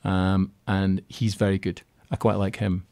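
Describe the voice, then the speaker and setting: A man's voice: deep voice, a little slow, creaky, dry recording. Chatty man in a dry studio. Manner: chatty and animated, acts out quotes. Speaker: radio guest, keynote speaker on property finance. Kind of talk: conversational radio interview. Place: radio studio.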